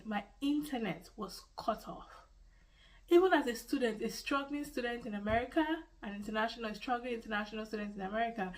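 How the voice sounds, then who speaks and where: A woman with a Nigerian accent tells her own story to the camera in earnest. She repeats key phrases to stress them. Her voice sits somewhat high, and she is a little way back from the microphone. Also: distant mic, low-quality recording. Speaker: vlogger. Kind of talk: personal storytelling vlog.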